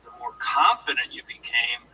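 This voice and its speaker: In this motivational lecture, an ex-law enforcement officer coaches listeners deliberately and demonstratively, captured from far away. He speaks at medium pitch with big swings and a sharp tone, over slight background noise.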